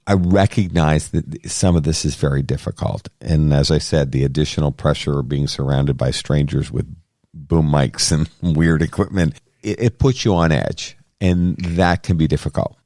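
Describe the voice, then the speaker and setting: A man's voice: a bass voice, moderate pace, dark tone, no echo, studio quality. A middle-aged man co-hosting a podcast, talking in a casual, earnest and rambling way with frequent restarts. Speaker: podcast co-host. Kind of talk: casual conversation.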